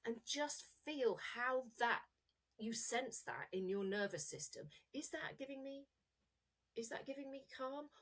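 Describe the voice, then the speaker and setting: Husky-voiced woman coach, rambling. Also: high-pitched, sing-song, unhurried, fairly bright tone. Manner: rambling, self-correcting, demonstrative. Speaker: coach and guest. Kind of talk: conversational podcast interview.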